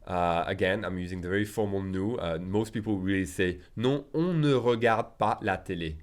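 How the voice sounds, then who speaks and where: This man, a French teacher, has a low voice and keeps a moderate pace. Teaching a casual video lesson, he goes over example sentences repeatedly, pausing to ask "okay?" and "d'accord?".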